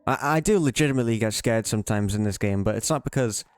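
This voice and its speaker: A man's voice: fairly low pitch, quick pace, clean tone, dry recording. Playful man teasing game monsters. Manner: playful, teasing the monsters in a silly sing-song way. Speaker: let's play gamer. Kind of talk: casual gameplay commentary.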